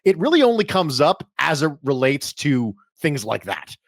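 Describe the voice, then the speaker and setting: A man's voice: on the high side, big pitch swings, moderate pace, no room sound, studio quality. A man guesting on a podcast, telling stories animatedly with speech and emphatic repetition. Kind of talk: casual podcast interview.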